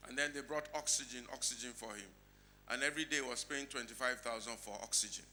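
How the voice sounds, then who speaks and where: A middle-aged Nigerian man preaching a sermon as pastor, dropping to quiet asides and then shouting lines out. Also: quick pace, slight background noise. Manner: animated preaching, swinging between low asides and shouted lines.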